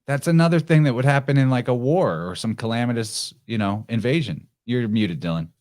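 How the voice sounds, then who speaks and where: A man's voice: mid-range voice, expressive, brisk, darkish tone. Laid-back man hosting a podcast. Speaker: podcast host. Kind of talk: casual podcast chat.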